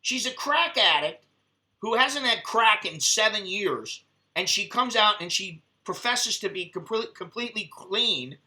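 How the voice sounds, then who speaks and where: An American man talks on his live stream in a very bright, sharp voice that sits high for a man. His speech is casual and laced with cursing, and he drifts between stories and bursts of acted-out argument. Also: measured pace. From United States. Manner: profane, animated storytelling, acts out heated quotes.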